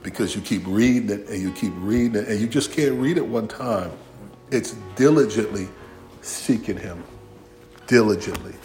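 Soft background music accompanies a fairly low-pitched man speaking at normal speed. He's a pastor giving an animated, comic sermon in which he acts out biblical figures talking in Southern vernacular, saying things like "y'all" and "ain't."

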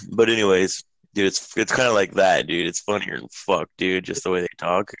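A man chatting casually on a podcast, telling a story with lots of cursing and acting out the lines. His voice sits on the low side. The sound is dry and close to the mic. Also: normal speed, gravelly, dry recording, low-quality recording. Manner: profane, animated storytelling, acts out quotes. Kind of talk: casual chat.

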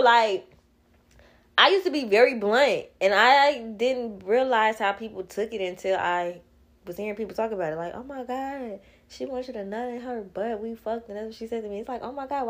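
A woman, hosting her own podcast in a blunt, candid casual monologue, laughing often and swearing freely. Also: mid-range voice. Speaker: podcast host.

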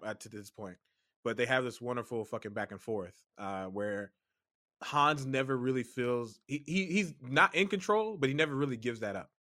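Profane, excited man talking movies. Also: mid-range voice, dry recording, clean studio sound. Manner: enthusiastic, profane, laughs a lot. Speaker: podcast co-host. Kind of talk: casual chat about a movie.

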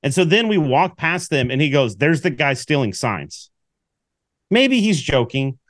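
A man co-hosting a casual sports podcast, telling a story with lively acted-out quotes. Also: a little high, measured pace, dry recording, studio quality. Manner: animated storyteller, acts out quotes. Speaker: podcast co-host.

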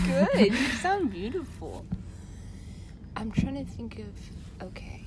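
Lively, giggly woman chatting. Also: on the high side, slow pace, a crowd in the background. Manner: giggly, crude, playful. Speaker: friend doing celebrity impressions. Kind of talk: casual chat.

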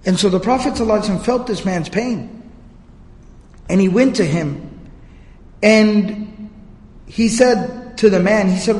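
Male teacher, high voice, relaxed storytelling lecture, roomy reverberant hall. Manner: storytelling, casual asides. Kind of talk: religious history lecture. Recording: echoey hall.

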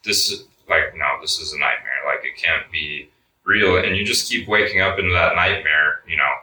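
A man's voice: sits low, normal speed, pushed and bright, recorded from a distance. A young man telling a story in a laid-back interview, cursing a lot and saying "like" all the time. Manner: laid-back, swears a lot, says "like" often. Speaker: guest. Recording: roomy sound, mic set back.

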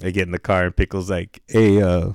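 Laid-back man with a smooth, lowish voice. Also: monotone, quick pace, dry recording, clean studio sound. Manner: laid-back, slangy, swears freely, laughs through the story. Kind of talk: casual storytelling chat.

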